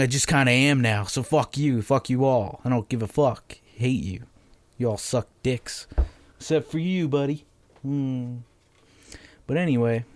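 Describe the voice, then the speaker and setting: A man hosting a casual solo podcast from home, monotonous and deadpan sarcastic, swearing freely into a microphone on a stand. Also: mid-range voice. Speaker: podcast host.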